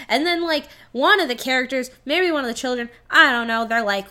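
A woman's voice: high-pitched, brisk, few pauses, sharp tone. A woman co-hosting a casual podcast, ranting animatedly and swearing while retelling a movie. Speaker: podcast co-host. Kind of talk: casual chat.

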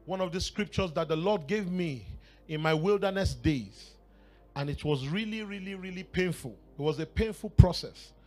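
A Nigerian man preaches to his church in a high, animated voice that swings widely in pitch. He tells a story with laughter and sudden shouted cries, while soft music plays behind him. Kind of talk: sermon.

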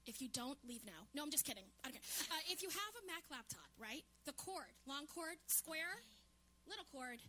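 A woman co-hosting a live podcast on a theatre stage, bantering with quick, dry jokes. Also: high-pitched, very animated, pushed and bright. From New York City. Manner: quick, dry, joking delivery. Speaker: podcast co-host.

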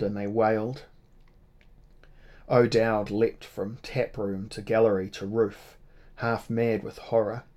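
A man narrating a novel in a measured, dramatic reading style. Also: fairly low pitch, darkish tone. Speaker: audiobook narrator. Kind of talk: scripted narration.

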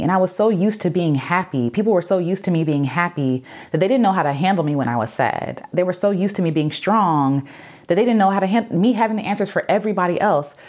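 Low-voiced woman telling her story. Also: darkish tone. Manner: earnest, reflective, many fillers and repeated phrases. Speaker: vlogger sharing her own story. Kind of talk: personal testimony to camera.

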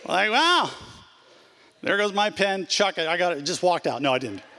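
A man's voice: sits high, lively intonation, normal speed, sharp tone, long reverb tail. A pastor in his sixties preaching a sermon in a church, emphatic, stacking repeated phrases and dropping in casual asides. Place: church sanctuary.

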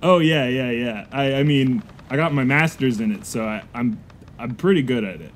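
A man's voice: mid-range voice, moderate pace, slight background noise. A man improvising a pirate crewman in a comedy scene, with playful, jokey banter. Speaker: podcast co-host.

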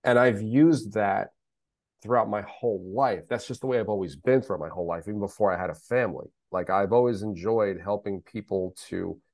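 A middle-aged man's lowish, darkish voice moves fairly quickly as he guests on a podcast, speaking candidly as a special needs father. He is emphatic in the conversational interview, repeating himself and swearing on occasion, and there's no echo.

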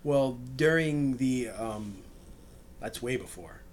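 A man's voice: medium pitch, animated, slow, slight background noise. A man in a casual book discussion, explaining history at length, often restarting his sentences. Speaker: book club member.

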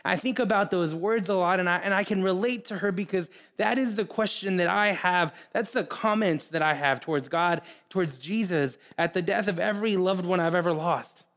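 Earnest pastor man, higher-pitched voice. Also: fairly bright tone. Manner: earnest, repeats words, pauses often. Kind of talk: sermon.

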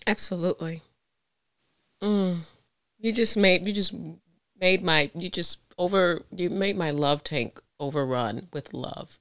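A woman's voice: on the low side, a little slow, a bit bright, dry recording. A woman in her forties hosting a podcast, effusive and openly emotional in conversation. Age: 40s. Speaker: podcast host.

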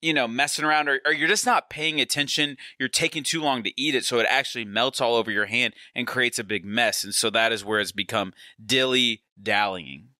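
A man's voice: medium pitch, steady tone, a little fast, few pauses, pushed and bright, no echo, clean studio sound. A man on a podcast giving a rambling, hesitant, mock-serious explanation full of fillers. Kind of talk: casual chat.

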